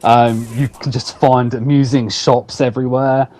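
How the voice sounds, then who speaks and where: A man hosts a casual game review video full of playful, sarcastic commentary, laughing often. His medium-pitched voice is a little slow and a little mellow, with a flat delivery.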